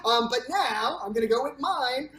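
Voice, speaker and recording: Male talk show host, lively high-ish voice, echoey room. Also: normal speed. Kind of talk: casual talk show chat.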